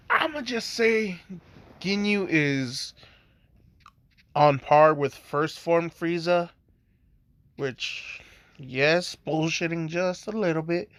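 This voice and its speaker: A man's voice: on the high side, a bit bright. Rambling casual male storyteller. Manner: rambling, lots of "like", swearing. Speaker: fan storyteller.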